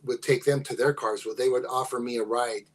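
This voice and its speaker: Older man, podcast guest, casual storytelling, halting, filler words, medium pitch, faint background noise. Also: fairly even intonation. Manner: unhurried, halting, many fillers. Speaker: guest, host's father.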